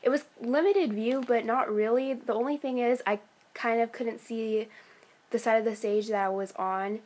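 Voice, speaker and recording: A teenage girl from the United States telling a casual vlog story, chatty and excitable, full of "like" and "um". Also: a little high, normal speed. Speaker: vlogger.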